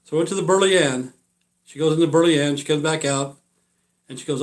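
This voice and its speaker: A man in his sixties telling a long personal story on a live stream, rambling and blunt, full of fillers, often trailing off quietly at the ends of phrases. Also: fairly high pitch, fast, pauses often. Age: 60s. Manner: blunt and profane.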